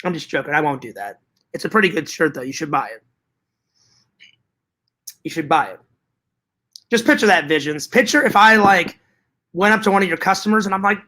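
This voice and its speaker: A man's voice: high voice, brisk, long pauses, sharp tone. A man vlogging to his viewers in casual chat, hyper and rambling, with joking profanity.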